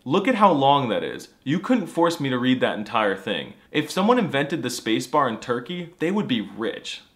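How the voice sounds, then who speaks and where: A man doing a snarky comedy monologue, his pitch leaping up and down as he talks. He plays it mock-serious and over the top, with a scripted delivery. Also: sing-song, moderate pace, fairly bright tone. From United States. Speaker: comedy language creator.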